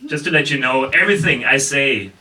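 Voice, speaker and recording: A man's voice: mid-range voice, a little fast, recorded from a distance, heavy background noise. A man with a German accent doing a stand-up comedy set with sardonic, mock-incredulous asides. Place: basement comedy club stage.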